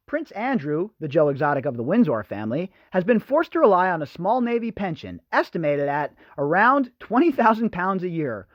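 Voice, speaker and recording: A man's voice: fairly high pitch, no room sound, dull audio. A man hosting a podcast, giving blunt, sarcastic news commentary in a chatty, opinionated way. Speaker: podcast host.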